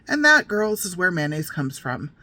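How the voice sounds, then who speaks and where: A woman's voice: lowish voice, big pitch swings, normal speed, sharp tone, heavily acted. A woman voicing a cruel mother who relishes telling her daughters a gross, made-up tale in a sing-song manner. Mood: gleefully cruel.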